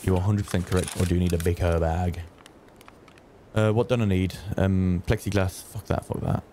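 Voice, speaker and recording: A man streaming a shooter game, muttering to himself and swearing, with sudden high excited yelps. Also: normal speed, slight background noise. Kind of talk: casual gameplay commentary.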